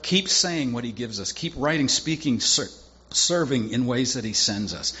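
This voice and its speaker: A man's voice: mid-range voice, a bit bright, breathy edge, lo-fi sound. A male pastor preaching a sermon in a conversational, folksy storytelling way with casual asides.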